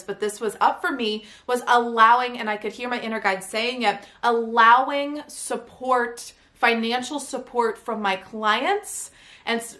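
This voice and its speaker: A woman tells a personal story on her own podcast. Her voice sits a little high, and she talks in a chatty, animated way, full of "like" and "right?" asides. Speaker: podcast host and coach. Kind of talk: casual storytelling monologue.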